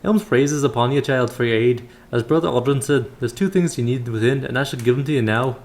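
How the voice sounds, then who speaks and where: A man voicing a calm, fatherly older monk elder who calls the listener child, reading in his everyday voice. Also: medium pitch, a little fast, lightly acted. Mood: instructive.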